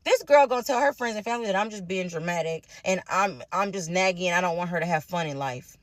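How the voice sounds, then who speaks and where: A woman ranting through a personal storytime at a rapid clip, cursing freely as she vents. Her voice sits at an ordinary pitch and sounds dry and close. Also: dry recording. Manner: fast, heavily profane venting. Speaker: storytime vlogger. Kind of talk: casual storytime rant.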